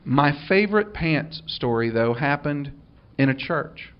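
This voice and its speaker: Man, wry storyteller, slightly high voice, muffled recording. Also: lively intonation, a little slow, heavy background noise. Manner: dry, wry delivery with acted-out dialogue. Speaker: minister telling a story. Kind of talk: storytelling before an audience.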